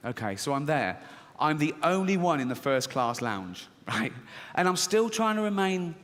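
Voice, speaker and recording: A man doing a stand-up comedy routine, telling the story in an animated, sweary, self-mocking way. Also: on the high side, moderate pace, long reverb tail.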